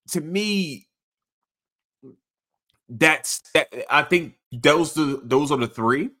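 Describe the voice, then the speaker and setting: A man rambles through a casual sports podcast, cursing freely. His middle-pitched voice swoops up into sudden excited outbursts and drops back down. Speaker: podcast host.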